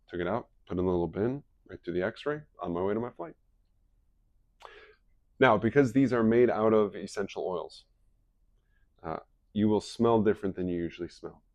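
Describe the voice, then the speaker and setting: Male wellness presenter, lowish voice, anecdotal and chatty, live group talk. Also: darkish tone, no echo. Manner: chatty storyteller who laughs at his own stories.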